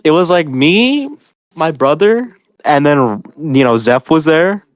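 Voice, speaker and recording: A man's voice: a little high, lively intonation, slow, clean tone, no room sound. A man chatting casually on a podcast, rambling with lots of fillers and frequent laughs. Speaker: podcast host. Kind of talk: casual chat.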